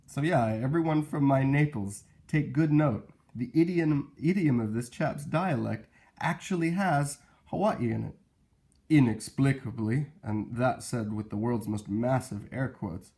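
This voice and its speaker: A man's voice: medium pitch, darkish tone. A man hosting a video, giving casual, dryly amused commentary. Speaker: video host.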